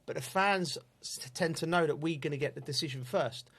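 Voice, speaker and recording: Man, football pundit, slangy animated storyteller, a touch high-voiced. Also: brisk, slightly rough. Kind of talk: casual chat.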